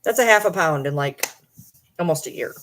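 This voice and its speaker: Low-voiced woman chatting to her dogs. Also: animated, fairly quick, fairly bright tone, slight background noise. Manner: chatty, teasing baby talk to pets. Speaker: vlogger. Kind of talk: casual chat with her dogs.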